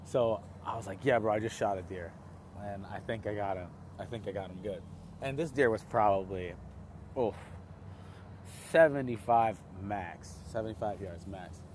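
Young guy with a lowish voice rambling thru a story outside, lots of restarts, faint traffic behind him. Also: normal speed, a little mellow. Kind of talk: casual storytelling.

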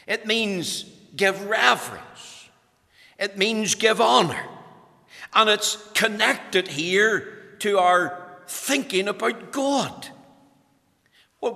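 A man's voice: sits high, creaky, bright, forceful tone. A man preaching a sermon, fervent and rising to urgent emphasis. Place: church. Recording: long church reverb.

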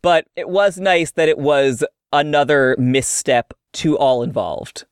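Dry deadpan film-chat co-host. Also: medium pitch, measured pace, smooth, dry recording. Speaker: podcast co-host. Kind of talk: casual film-review chat.

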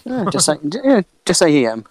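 A man's voice: a little high, sing-song, a little fast, a little mellow. A man co-hosting a casual podcast, chatting in a laid-back way with lots of fillers. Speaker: podcast co-host.

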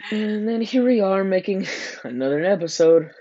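A man's voice: high-pitched, expressive, normal speed, warm tone, dry recording, muffled recording. A teenage boy hosting a casual podcast with a friend, rambling and joking with frequent laughs. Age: teens. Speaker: podcast host.

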